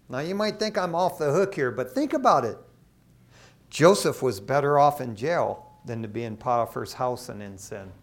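Male pastor, middle-aged, from Michigan, casual storytelling sermon, lively asides. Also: medium pitch. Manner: conversational, animated storytelling with asides. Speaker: associate pastor.

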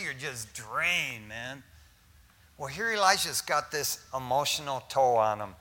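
A man's voice: sits high, bright, forceful tone. A man preaching a sermon as pastor, retelling the scripture in a casual, slangy storytelling manner.

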